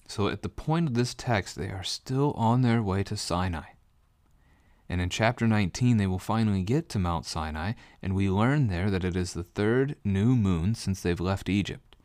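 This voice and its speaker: Male Bible teacher with a very low voice and a dry sound. He explains step by step. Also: normal speed, a little mellow, no echo. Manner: explanatory, walks listeners through details step by step. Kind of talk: conversational Bible study teaching.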